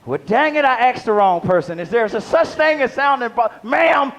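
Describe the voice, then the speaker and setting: Older male comic with a high voice, loose and rambling live set, chuckling through his punchlines. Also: animated, fairly quick. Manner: rambling, playful, laughs at own jokes. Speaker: stand-up comedian, guest. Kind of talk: live stand-up comedy. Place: live comedy venue with audience.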